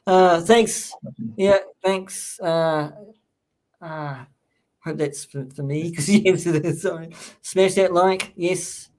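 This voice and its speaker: A man's voice: sits high, steady tone, drawn-out words, pauses often. A man hosting a casual live-streamed chat, talking loosely with many fillers and restarts. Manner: rambling, filler-heavy, warm thanks to chat. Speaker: host.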